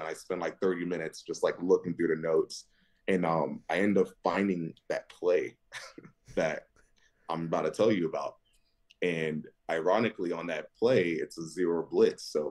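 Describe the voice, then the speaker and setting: Deep-voiced guy, 30s, telling football stories on a podcast, laughing a lot. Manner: laughs through stories, jumps high when quoting others. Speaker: interview guest, football linebacker. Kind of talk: animated storytelling.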